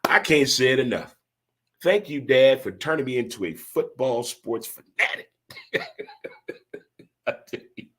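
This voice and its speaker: On his casual talk-show podcast, the host addresses listeners directly and leans on folksy riffs and recurring catchphrases. He has a medium-pitched, expressive, slightly bright voice at a moderate pace, with a little hiss or hum in the background.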